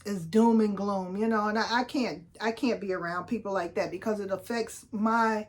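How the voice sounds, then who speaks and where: A woman's voice: mid-range voice, fairly even intonation, normal speed. A woman in her sixties, a vlogger telling everyday stories in a chatty, upbeat way and acting out the voices of people she quotes. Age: 60s. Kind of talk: casual storytelling vlog.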